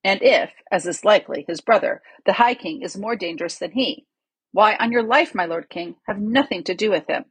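A woman's voice: mid-range voice, expressive, normal speed, slightly rough, dry recording. A woman reading the part of a resentful, scheming male lord with a sly, grumbling manner. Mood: careful.

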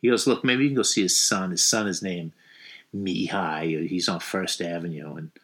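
A man's voice: sits low, normal speed, fairly bright tone. A middle-aged man from the New York area telling a rambling story in casual chat, full of fillers and swearing.

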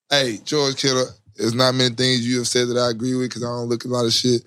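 A man's voice: medium pitch, flat delivery, a bit bright, smooth, no echo, studio quality. A man hosting a podcast, playful and slangy in casual chat. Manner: playful, quick to laugh, slangy. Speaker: podcast host. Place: podcast studio.

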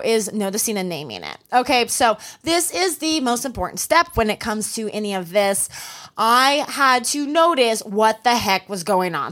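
Her voice is a little high and fairly bright: a young woman coaching runners on her own casual podcast, sharing a race story and giving sincere words of encouragement.

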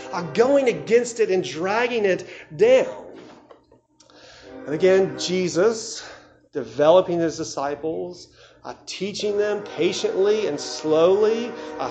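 A man preaching a sermon, conversational and animated, acting out the voices of people in the story. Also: sits high, moderate pace, soft background music. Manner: conversational, many fillers and asides. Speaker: pastor. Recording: echoey room.

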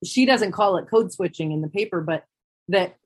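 A woman with a lower, slightly husky voice speaks on a podcast panel. She talks in a candid, reflective way and works through her ideas aloud. She often pauses and restarts her sentences. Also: low-quality recording. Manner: thoughtful and candid, pausing and restarting mid-thought.

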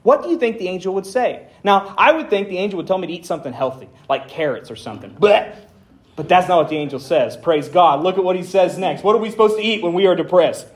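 A man's voice: high voice, expressive, quick pace. A man preaching a conversational sermon as pastor, with dry humor and dramatic emphasis when reading scripture.

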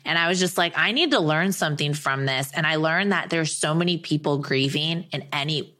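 Bright, low-pitched woman rambling excitedly. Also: brisk. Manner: excited, rambling storytelling full of fillers. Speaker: podcast guest. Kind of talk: casual chat.

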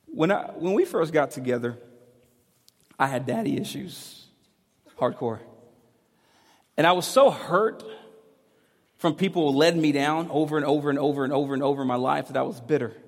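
A man in his thirties preaching a sermon as pastor, telling a personal story with candor, moving between loud emphatic lines and hushed ones. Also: a little high, moderate pace, long pauses. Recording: long reverb of a big hall.

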